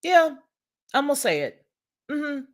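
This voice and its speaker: A woman's voice: high voice, sing-song, slow pace. Emphatic woman ranting in a livestream. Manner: emphatic, repetitive, preachy. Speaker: commentary channel host. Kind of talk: livestream commentary rant.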